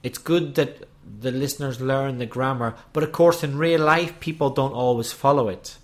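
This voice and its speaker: A man's voice: medium pitch, moderate pace. A man co-hosting a casual English-lesson podcast. He adds chatty asides and examples to the lesson. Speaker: podcast co-host.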